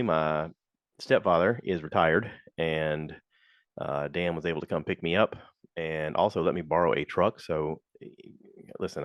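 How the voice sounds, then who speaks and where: A man with a deep, low voice tells a casual story on his podcast. He talks frankly and complains as he goes, and acts out the people in it. The recording is close and dry, with no room sound. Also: no echo, muffled recording. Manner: animated, slips into quoted voices. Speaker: podcast host.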